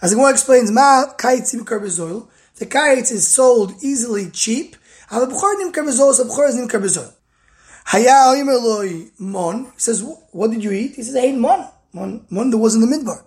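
A woman with a slightly high voice teaches a text study lesson phrase by phrase. She reads a line of the original, then stops to unpack it in plain English. Her delivery comes in short bursts with the odd restart. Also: animated, brisk, a little mellow. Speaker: Talmud teacher.

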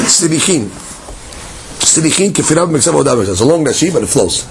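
A man teaching a Talmud class, moving between quick Hebrew text reading and explanation while acting out the claims in a case. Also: fairly high pitch, vocal fry, slight background noise. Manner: lively, leaps between English and Hebrew text reading, acts out case dialogues.

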